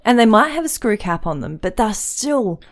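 A woman hosting a podcast, chatting casually and telling lively stories about trips and whiskey. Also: mid-range voice, normal speed. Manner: chatty, animated storyteller. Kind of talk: casual chat.

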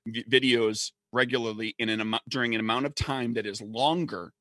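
A man's voice: medium pitch, steady tone, a little fast, fairly bright tone, no room sound. A man in his forties co-hosting a casual podcast chat, rambling with restarts. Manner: rambling, many fillers and restarts. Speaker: podcast co-host.

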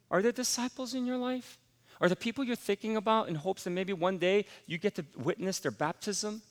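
A man preaching a sermon as pastor, emphatic and rising to forceful exhortation. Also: fairly high pitch, in a large hall.

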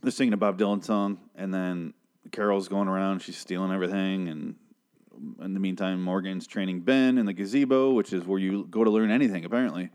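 A man's voice: low voice, a little fast, a little mellow, clear, resonant tone. A young man recapping and reviewing a TV episode in a rambling, sarcastic way, swearing freely and acting out the characters' lines. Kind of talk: casual recap and review monologue.

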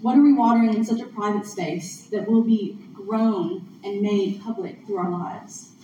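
At a church gathering, a woman with a mellow, medium-pitched voice delivers a sermon at a moderate pace, conversational and earnest, laughing along with her audience. A distant room mic in a large hall captures her, so the sound is echoey, muffled, and noisy.

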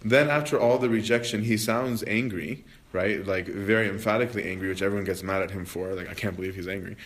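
A man giving a casual spiritual lecture to a study group, talking conversationally, often checking in with "right?" and filling pauses with "um". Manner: conversational, keeps asking "right?", frequent "um"; acts out quotes with expressive swings in pitch and volume. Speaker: religious study group leader.

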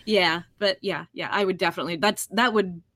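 A woman's voice: fairly low pitch, brisk, fairly bright tone, no room sound. Laughing woman, dry close sound. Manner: laughs often, self-deprecating. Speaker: audiobook narrator and guest. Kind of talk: casual interview chat.

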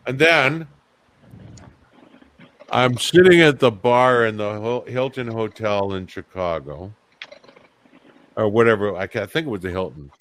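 A man's voice: lowish voice, a little slow, long pauses. A man telling a casual anecdote, acting out the dialogue and laughing often. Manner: animated storyteller, acts out dialogue in voices, laughs often. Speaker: guest actor.

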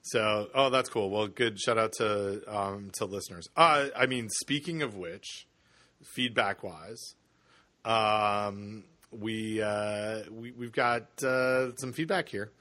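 A man co-hosting a podcast in casual chat, halting with many fillers and restarts as he reads listener feedback. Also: lowish voice, sharp tone, no room sound. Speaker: podcast co-host.

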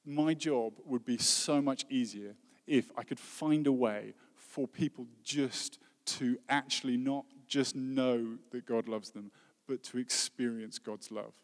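A man, a worship leader giving an earnest, heartfelt sermon that often drops to a soft voice. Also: mid-range voice, unhurried, hardly any pauses. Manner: earnest, heartfelt preaching with soft dropping phrases. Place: church hall. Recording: long reverb of a hall.

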